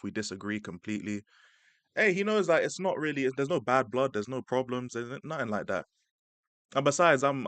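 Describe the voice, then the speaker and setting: A man's voice: medium pitch, a bit bright, dry recording. Laid-back young man streaming. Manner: laid-back slang-heavy chat, laughing often. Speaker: stream host reacting to a clip. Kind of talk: casual live-stream reaction.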